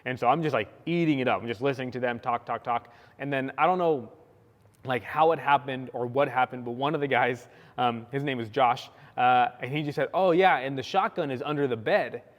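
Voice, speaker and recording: A young man from California preaching a sermon, telling a story with lively acted-out quotes. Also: medium pitch, brisk, dull audio. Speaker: pastor. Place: church sanctuary. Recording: long church hall reverb.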